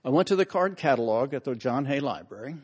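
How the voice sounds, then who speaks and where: A man's voice: mid-range voice, animated, quick pace. A man giving a humorous public lecture as a historian, telling anecdotes with self-deprecating humor and acting out the voices in his stories. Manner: acts out quoted voices loudly.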